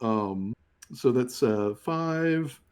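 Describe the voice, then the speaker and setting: A man's voice: medium pitch, lively intonation, drawn-out words, darkish tone, clear, resonant tone. A man narrating as game master of a tabletop game, laid-back and full of fillers.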